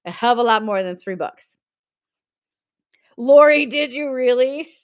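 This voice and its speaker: A woman's voice: a little high, lively intonation, measured pace. Chatty woman hosting a live sale. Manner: chatty storytelling, laughs often, reads viewer comments. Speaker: live-stream seller. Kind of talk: casual live-stream chat.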